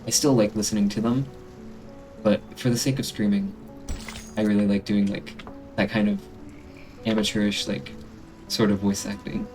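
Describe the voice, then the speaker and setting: A low-voiced American man chatting casually on a stream, rambling and self-conscious with his remarks. Faint music plays in the background. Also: flat delivery, normal speed, pauses often, darkish tone.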